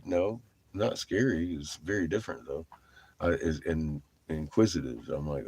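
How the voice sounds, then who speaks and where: A deep-voiced middle-aged man with a husky, slightly rough tone tells a loose, rambling story about his trip. He swears freely and keeps breaking into laughter as he talks. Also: normal speed, a little mellow, no echo. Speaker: vlogger. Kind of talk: casual storytelling.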